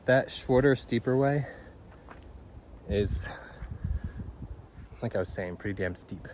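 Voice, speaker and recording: A young man hiking and talking to his camera outdoors, excited and slangy, laughing often and out of breath. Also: mid-range voice, takes it slowly. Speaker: hiking vlogger. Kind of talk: outdoor vlog commentary. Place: outdoors on a hiking trail by a waterfall. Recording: noisy outdoor recording.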